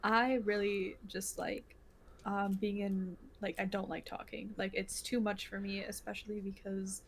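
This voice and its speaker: A woman's voice: medium pitch, level tone, measured pace, slight background noise. A woman co-hosting a podcast in casual chat, rambling with many fillers and restarts. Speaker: podcast co-host.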